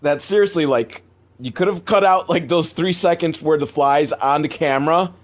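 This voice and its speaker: A man's voice: a little high, normal speed. Rambling, profane male movie reviewer. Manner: rambling, profane, laughs at bad filmmaking. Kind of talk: casual rambling movie recap.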